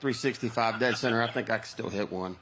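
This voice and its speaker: Middle-aged male pro angler, medium pitch, earnest and emotional, faint outdoor noise. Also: quick pace, fairly bright tone. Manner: emotional, heartfelt. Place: outdoor stage.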